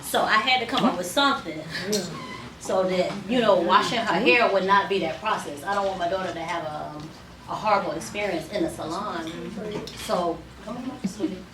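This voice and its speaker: A woman's voice: fairly low pitch, fairly quick, a crowd in the background. A woman hair stylist explaining her work in a chatty, step-by-step way, with frequent ums, during a salon demonstration. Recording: roomy distant mic with salon noise.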